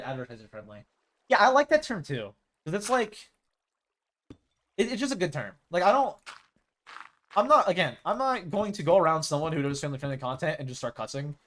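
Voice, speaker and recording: A man's voice: a little high, a bit bright. A man chatting casually with his stream viewers as a live streamer, rambling and acting out quoted exchanges.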